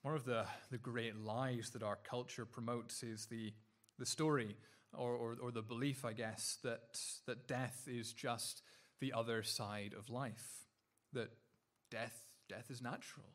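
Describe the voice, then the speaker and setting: A man preaching a sermon earnestly, repeating words and restarting phrases, and slowing down to linger on key lines. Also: medium pitch, steady tone.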